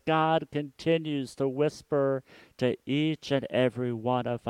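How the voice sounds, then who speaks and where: A man preaching a reflective sermon as a pastor. He often repeats words and trails off softly at the ends of his phrases. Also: mid-range voice, fairly even intonation, unhurried, clean tone, dry recording.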